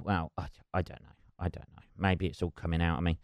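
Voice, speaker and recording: Sweary man, low smooth voice. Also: little pitch movement, a little fast, no room sound, studio quality. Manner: rambling, sweary, wry. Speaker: podcast host. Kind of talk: solo podcast monologue. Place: at home, sipping tea.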